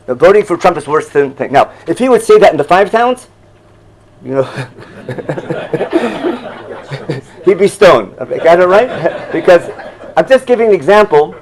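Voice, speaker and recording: Older rabbi, chatty teaching. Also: male voice, high-pitched, big pitch swings, a little slow, long pauses, poor audio. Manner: conversational, keeps checking "you follow?", chuckles at own jokes. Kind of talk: informal Torah class.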